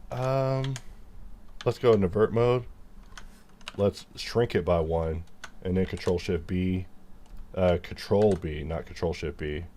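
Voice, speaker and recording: A 3D modeler explains his workflow in casual commentary while modeling on screen, rambling and making self-deprecating jokes. His voice is low and slightly mellow, with a faint hiss or hum in the recording.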